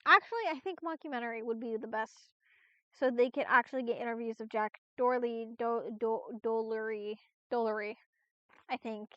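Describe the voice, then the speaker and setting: A woman's voice: on the high side, brisk, dry recording. A woman streamer chatting casually on a live stream, rambling with lots of restarts and fillers and the odd swear. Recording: dull, lo-fi, dry stream audio.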